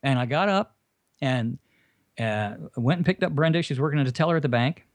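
A man giving a personal faith testimony in conversation, telling it as an animated story and asking himself emphatic questions. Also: mid-range voice, brisk, no room sound.

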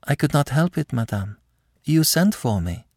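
A man's voice: fairly high pitch, sing-song, moderate pace, a little mellow, no echo, studio quality, pitched above the performer's own voice. A man reading a young noblewoman who speaks in a reserved, composed way in a story.

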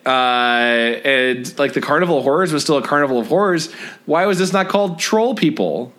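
A man co-hosting a podcast in casual chat, excitable and rambling with many restarts. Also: medium pitch, normal speed. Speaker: podcast co-host.

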